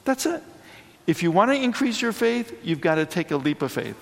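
Guy preaching sunday sermon, chatty and animated, lots of asides, echoey church. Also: on the high side, a little fast, gravelly. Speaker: priest.

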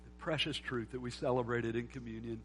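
A man preaching a sermon as pastor, moving between loud emphatic lines and quiet, soft reflection. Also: mid-range voice, fairly even intonation, brisk, soft background music. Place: church sanctuary.

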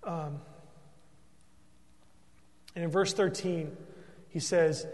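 Man, pastor, earnest emphatic sermon, slightly high voice, long hall reverb. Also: unhurried, long pauses. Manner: earnest, emphatic preaching with rhetorical "right?" asides.

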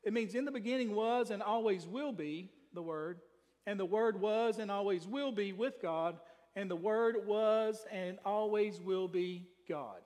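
A man's voice: high voice, unhurried, a little mellow. A man preaching an emphatic sermon in a church, reading scripture aloud as pastor. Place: church sanctuary. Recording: long reverb from a large hall.

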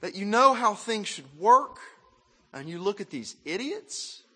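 A man from Arkansas, preaching a sermon in an animated, self-mocking way and asking the crowd questions. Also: sits high, a little slow, breathy edge, long reverb tail. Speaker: pastor.

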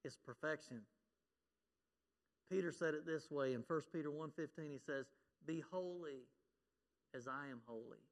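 An earnest man preaching from the pulpit, his voice sitting a little high for a man. He quotes scripture and leans into his points, and the long reverb of a church hall trails behind every phrase. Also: normal speed. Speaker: pastor. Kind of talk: sermon. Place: church sanctuary.

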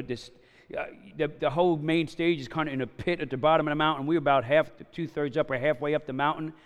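Chatty fifty-something pastor in a reverberant hall. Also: male voice, on the high side, clear, resonant tone. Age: 50s. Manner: conversational storytelling, frequent "right?" and "you know?". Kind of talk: sermon.

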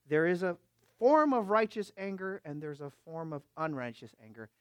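A man preaching a sermon as pastor, emphatic and questioning his listeners, swinging from loud exhortation to quiet asides. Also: a little high, sing-song, moderate pace, smooth, dry recording.

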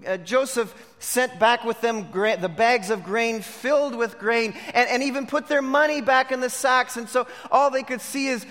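High, bright-voiced man preaching in a hall. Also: normal speed, hardly any pauses. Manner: swings from hushed to emphatic preaching. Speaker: pastor. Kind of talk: sermon.

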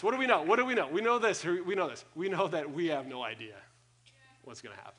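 A young man preaching a sermon to a live congregation, energetic, acting out quoted thoughts and swinging between loud and soft. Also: on the high side, quick pace. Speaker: pastor. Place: church hall with audience.

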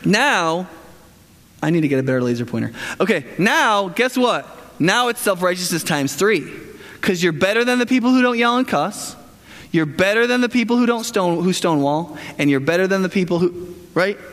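A man's voice: high voice, a bit bright, in a large hall. A man preaching a sermon as pastor, talking conversationally, tossing in "right?" and acting out what people say. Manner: conversational, keeps asking "right?", acts out quoted people.

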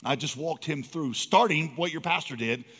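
A man's voice: on the high side, normal speed, fairly bright tone, husky. A man preaching a sermon, telling a story earnestly and building to emphatic urgency. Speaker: pastor. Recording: long hall reverb.

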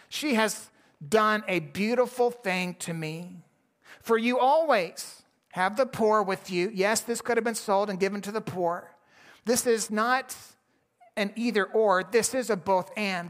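A man's voice: sits high, a bit bright. A man preaching a sermon in a conversational way, often restarting his phrases and adding asides to the congregation. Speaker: pastor.

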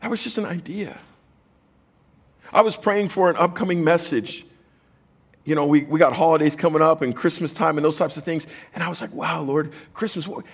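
Husky-voiced man preaching a sermon. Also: a little high, brisk. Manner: conversational, jokey, animated preaching. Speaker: pastor.

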